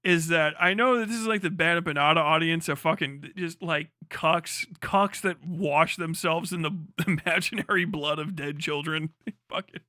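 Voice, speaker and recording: Young man, streamer, blunt profane ranting, high bright voice, dry close sound. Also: moderate pace, no echo. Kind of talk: casual live-stream commentary.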